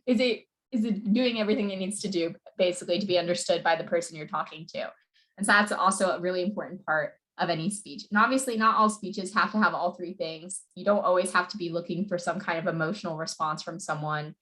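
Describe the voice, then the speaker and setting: A young woman giving a casual presentation as a coach. She talks fast and fills her sentences with "like" and "you know". Her voice sits at a middle pitch for a woman. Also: fairly bright tone. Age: young adult. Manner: fast-talking, many "like" and "you know" fillers. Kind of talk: casual presentation on public speaking.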